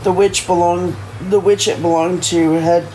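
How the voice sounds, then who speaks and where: Casting note: casual livestream reader of a first-person novel, mid-pitched, frequent slips. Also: level tone, moderate pace, a little mellow, soft background music, poor audio. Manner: stumbling first-person narration with frequent self-corrections. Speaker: streamer reading a book aloud. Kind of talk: reading a novel aloud on a livestream.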